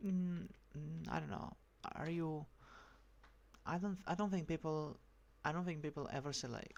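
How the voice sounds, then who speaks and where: A vlogger speaking in a slightly raspy feminine voice with a dry, sore throat, rambling and halting through a casual rant. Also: medium pitch. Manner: halting, full of restarts and fillers, profane.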